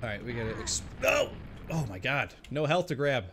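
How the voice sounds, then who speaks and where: A man's voice: mid-range voice, animated, normal speed, fairly bright tone, a little hiss or hum. A man streaming a game and chatting with viewers, often exclaiming and laughing as he plays. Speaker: gaming streamer. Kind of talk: let's play commentary.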